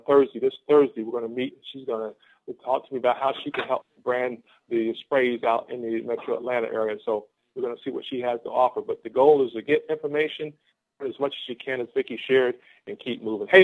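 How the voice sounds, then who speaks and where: A guest motivational speaker addresses a team on a conference call, his mid-range voice coming through with a thin phone-line sound. He's upbeat and exuberant, repeating himself and laughing a lot as he delivers the pep talk.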